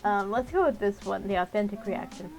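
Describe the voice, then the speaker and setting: A woman's voice: medium pitch, animated, brisk, soft background music, low-quality recording. Chatty woman gamer thinking aloud. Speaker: let's-play gamer. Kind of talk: gameplay commentary.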